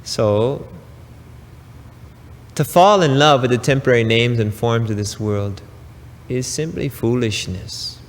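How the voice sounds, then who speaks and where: A man giving a spiritual talk, preaching slowly and emphatically with pauses and casual asides. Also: mid-range voice, big-room sound, slight background noise. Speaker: spiritual teacher.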